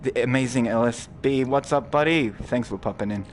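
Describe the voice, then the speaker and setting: A young man giving live gameplay commentary to his chat, rambling, swearing freely and jumping into loud outbursts. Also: mid-range voice, normal speed, a little hiss or hum. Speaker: streamer.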